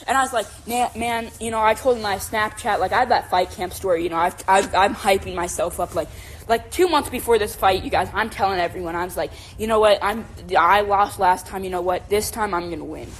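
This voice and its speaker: A young woman co-hosts a casual podcast in a mid-pitched voice, telling a story in an animated, rambling way. She keeps checking in with "right?" and packs her talk with "like", and a faint hum sits behind her. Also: brisk. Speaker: podcast co-host.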